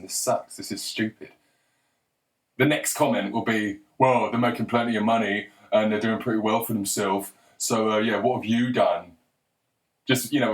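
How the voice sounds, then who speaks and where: Guy in his 40s ranting, sarcastic and fed up, lowish voice. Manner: sarcastic, exasperated, mocking voices for quotes. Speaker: commentary vlogger. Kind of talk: ranting commentary monologue.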